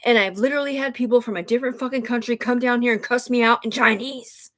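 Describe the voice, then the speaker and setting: A woman's voice: a little high, steady tone, fast talker, fairly bright tone. A woman talking on a livestream in an agitated, rambling way, swearing a lot, restarting sentences and addressing her listener as sir, upset and sighing. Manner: agitated, profane, run-on talk with many restarts.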